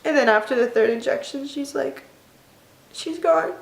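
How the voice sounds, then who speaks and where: A young woman vlogger telling a personal story in an emotional, tearful, halting way. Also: high-pitched, creaky, a little hiss or hum. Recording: echoey room.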